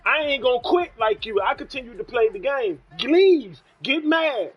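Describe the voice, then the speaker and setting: A high-pitched man with a Southern US accent, streaming a football video game live. He talks in a loud, profane, heated rant full of trash talk, with the game's broadcast commentary behind him. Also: expressive, moderate pace, dull audio, soft background music.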